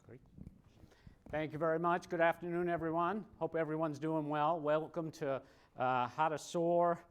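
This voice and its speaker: A man with a Boston accent giving a joking conference presentation, wry and self-mocking, often tagging his points with a quick check-in. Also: on the high side, fairly even intonation, clear, resonant tone, dull audio. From Boston, USA. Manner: wry, self-mocking, tags lines with "okay?".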